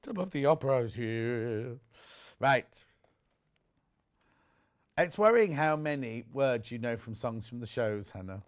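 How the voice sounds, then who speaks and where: A man presenting on a live TV shopping show, chatty and excitable, jumping between asides. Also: medium pitch, measured pace, pauses often. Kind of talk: live TV sales chat. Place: TV studio.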